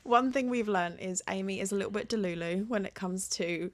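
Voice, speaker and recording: A woman's voice: mid-range voice, brisk. A young woman co-hosting a podcast in casual chat, easygoing with a dry, teasing humour. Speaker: podcast co-host.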